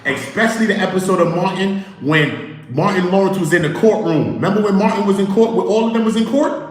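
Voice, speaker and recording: A man's voice: high voice, a little fast, very echoey, rough recording. A man hosting a casual livestream, telling stories animatedly, acting out quotes and talking to his chat. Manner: animated storytelling, acts out quotes, talks to chat. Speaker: livestream host.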